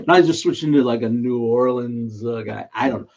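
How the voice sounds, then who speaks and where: A man's voice: mid-range voice, normal speed, darkish tone. A man hosting a casual live stream, chatty and self-mocking, often laughing mid-sentence. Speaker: live stream host running a daily trivia guess. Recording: dull lo-fi stream audio.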